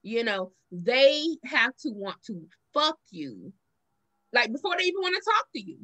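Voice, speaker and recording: A woman with a Southern US accent chats casually as a podcast co-host. Her voice sits high and sounds bright. She tells stories with animation and acts out the lines she quotes. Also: big pitch swings, measured pace. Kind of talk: casual chat.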